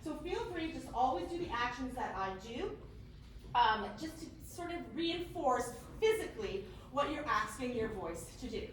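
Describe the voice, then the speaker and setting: A woman's voice: high-pitched, expressive, moderate pace, slight background noise. A woman leading a choir workshop, encouraging the singers and demonstrating vowels by singing them. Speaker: choir clinician. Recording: echoey hall from far off.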